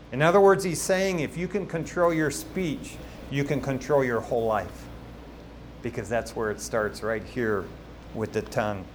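Male pastor, fairly high voice, chatty storytelling sermon, faint background noise. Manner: animated, conversational storytelling with asides to the congregation.

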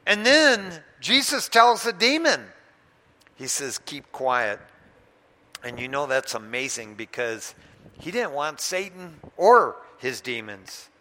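Sharp-voiced preacher man in a hall. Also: mid-range voice, takes it slowly. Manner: animated storyteller, swings between loud and hushed. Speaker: pastor. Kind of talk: sermon with personal storytelling. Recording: long hall reverb.

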